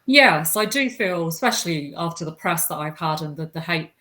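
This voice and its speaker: A woman with a fiery, animated manner, telling her story as an interview guest. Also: low-pitched, moderate pace. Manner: animated when recounting, fiery. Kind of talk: conversational interview.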